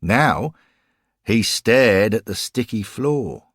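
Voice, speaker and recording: A man reading an audio story aloud in a wry, expressive narration. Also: on the low side, slow, no room sound, clean studio sound.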